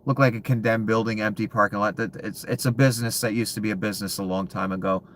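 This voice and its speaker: A man in a bitter, profane ranting monologue, full of contempt and often sinking to low hushed muttering. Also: steady tone, quick pace, slight background noise.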